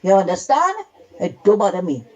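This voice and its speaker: A woman's voice: mid-range voice, sing-song, moderate pace, rough recording. Indignant woman caller. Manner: indignant, emphatic, repeats points. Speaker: radio caller. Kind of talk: call-in radio talk.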